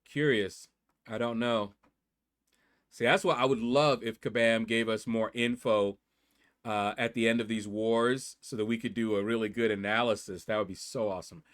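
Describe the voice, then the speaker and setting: A man hosting his gaming channel, talking viewers through his matches in a chatty, excitable way. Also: fairly low pitch, moderate pace. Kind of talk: mobile game commentary.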